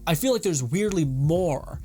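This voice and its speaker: A man hosting a casual anime reaction talk, animated and gushing, swearing often. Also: fairly high pitch, measured pace, faint music behind. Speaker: anime commentary host.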